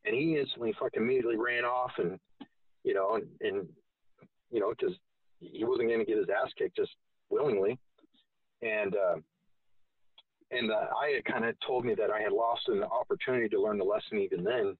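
A man's voice: lowish voice, normal speed, long pauses, slightly rough, no echo, far from the mic. A man telling a long personal story in a casual, rambling way with frequent swearing. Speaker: guest. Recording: tinny phone-like sound from off-mic.

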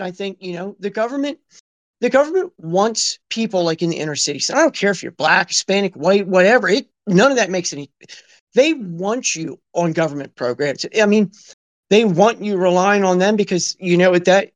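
A man chatting casually as a podcast co-host, telling stories in a rambling, slangy way full of filler words. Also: high-pitched. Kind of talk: casual conversational chat.

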